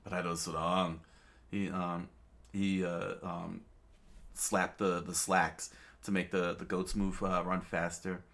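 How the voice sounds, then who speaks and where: A man narrating a manga aloud, halting and restarting often. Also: low voice, little pitch movement, creaky, a bit bright. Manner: halting, many fillers and restarts. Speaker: reader, narrator. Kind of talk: unscripted manga read-aloud.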